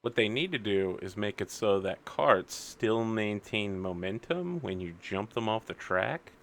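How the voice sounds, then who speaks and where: A man running a tabletop game as game master, giving a jokey rapid recap of the last session. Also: fairly low pitch, lively intonation. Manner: jokey rapid recap, mocking voices of characters.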